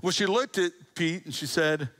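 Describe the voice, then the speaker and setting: A man preaching a sermon in a lively storytelling style, slipping into quick jokes between the serious points. His voice sits a little high for a man. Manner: animated storytelling preacher, acting out quotes with humor. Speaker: pastor.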